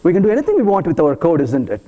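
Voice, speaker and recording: A man's voice: fairly high pitch, wildly swooping pitch, racing, dark tone. A man giving a live technical conference talk, playful and teasing with the audience as he walks through code. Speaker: conference speaker. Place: conference hall.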